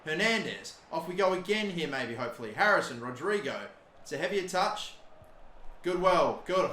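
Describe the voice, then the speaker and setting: A young man talks over his own football match play, blunt and swearing freely as he vents at the game. His voice sits a touch high with a bright, forceful edge. The room around his mic gives it a noticeable echo. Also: slight background noise. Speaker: gaming YouTuber. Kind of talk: live gameplay commentary.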